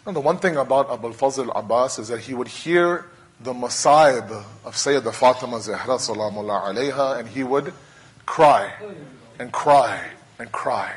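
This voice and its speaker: A man's voice: mid-range voice, normal speed, poor audio. A male preacher telling a religious story as a sermon, impassioned and dramatic, with much repetition.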